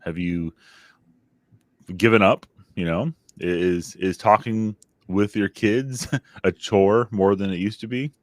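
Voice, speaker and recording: Earnest low-voiced man on a podcast. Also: takes it slowly, no room sound, clean studio sound. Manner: earnest, reflective, asks the listener questions. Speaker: podcast co-host. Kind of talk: casual faith-based parenting chat.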